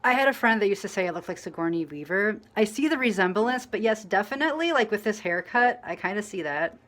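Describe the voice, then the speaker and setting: A woman talking casually to her viewers while she works on her hair, rambling through a story with plenty of fillers and false starts. Her voice sits at a middling pitch and stays mostly soft and close, then climbs higher and louder whenever she acts out a line. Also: expressive, fast. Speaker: vlogger.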